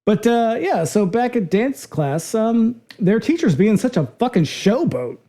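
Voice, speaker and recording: Casual podcast co-host; animated, salty delivery, warm dark tone. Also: mid-range voice, measured pace. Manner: animated, profane, acts out quotes. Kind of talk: casual film discussion.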